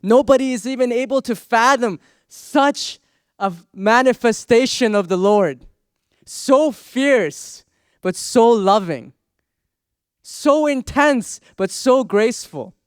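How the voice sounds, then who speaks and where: A man's voice: very high-pitched, animated, takes it slowly, clean tone, no echo, clean studio sound. A man telling a sacred story as a spiritual teacher, dramatic and drawing in his audience. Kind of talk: storytelling sermon.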